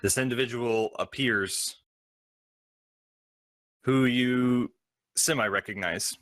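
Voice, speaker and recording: Slow, halting game master, man. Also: medium pitch, a bit bright, no room sound. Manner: halting, filled with ums and uhs. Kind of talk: narrating a tabletop game.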